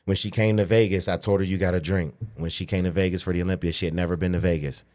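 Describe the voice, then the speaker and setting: Man in his 40s, fairly low voice, casual podcast storytelling, profane, acts out quoted voices. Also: fast talker. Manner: profane, animated, acts out quoted voices, frequent "you know what I'm saying". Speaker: podcast guest, pro bodybuilder.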